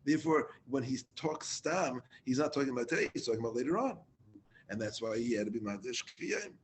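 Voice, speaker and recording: A man's voice: medium pitch, lively intonation, brisk, slight background noise. A man leading a Torah class, reading Hebrew lines and explaining them in casual English with restarts.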